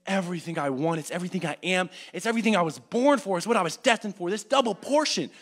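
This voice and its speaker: Earnest young man preaching, swinging loud and hushed. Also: sits high, expressive, fast. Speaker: church class teacher. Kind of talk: sermon. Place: church classroom.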